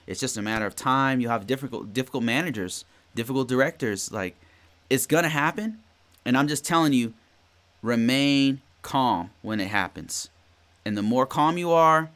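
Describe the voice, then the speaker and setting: A man's voice: mid-range voice, a bit bright. A man hosting a live-streamed podcast, talking informally to viewers. He often restarts his sentences and keeps checking in with "right?". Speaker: podcast host. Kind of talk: live-streamed casual talk, reading viewer questions.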